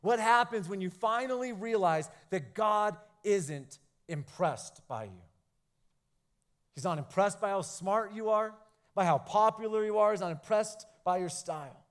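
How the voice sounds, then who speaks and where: A man preaching a youth sermon, animated in his storytelling, who acts out quoted lines. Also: high-pitched, measured pace. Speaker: youth pastor.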